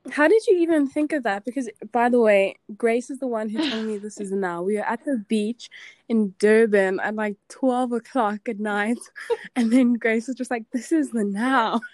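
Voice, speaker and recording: A woman's voice: on the high side, moderate pace, a little mellow, no room sound. A young woman, co-hosting a podcast in casual chat, earnest and reflective, saying "like" often. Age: late teens. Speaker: podcast co-host.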